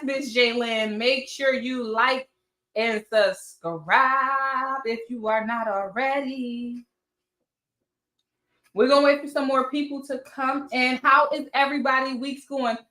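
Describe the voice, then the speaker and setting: A woman's voice: high-pitched, fairly even intonation, unhurried, sharp tone, echoey room. A woman hosting a casual livestream, greeting viewers by name and chatting loosely, sometimes swearing. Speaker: livestream host. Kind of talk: casual live chat.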